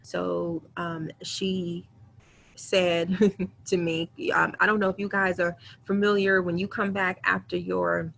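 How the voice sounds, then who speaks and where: A woman's voice: on the low side, flat delivery, creaky, fairly bright tone, slight background noise. A woman in her thirties hosting a webinar, telling her own story in an earnest, candid and emotional way over a computer mic. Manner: earnest, candid and emotional, with quick self-quotes. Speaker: webinar host. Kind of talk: webinar talk, personal storytelling.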